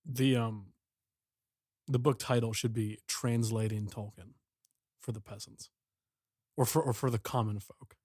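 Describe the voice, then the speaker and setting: A man co-hosting a comedy podcast, trading quick, wry jokes in casual chat. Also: mid-range voice, steady tone, darkish tone, no echo, clean studio sound. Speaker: podcast co-host.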